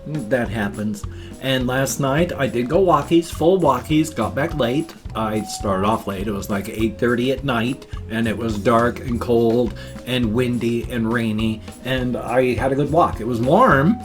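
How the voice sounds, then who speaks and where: An older man rambles through a casual vlog in a folksy, chatty manner. His pitch sits in a middle register, and faint guitar music plays quietly behind him. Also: measured pace. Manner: folksy, chatty, says thumbs up often. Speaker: vlogger.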